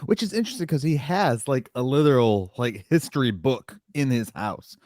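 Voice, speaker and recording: A male podcast co-host recapping a TV episode in casual chat, animated and given to mimicking characters. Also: moderate pace, dry recording, studio quality. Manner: animated, acts out characters' lines in silly high voices.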